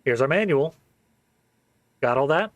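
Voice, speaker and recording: A man's voice: mid-range voice, expressive, a little slow, dry recording. A man hosting a let's play, giving casual, wry commentary and laughing often.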